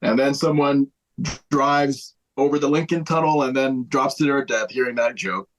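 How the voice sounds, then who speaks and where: A man co-hosting a podcast recap in casual chat, animated and jumping up in pitch when he quotes someone. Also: moderate pace, slight background noise, low-quality recording. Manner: animated, jumps high in pitch when quoting. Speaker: podcast co-host.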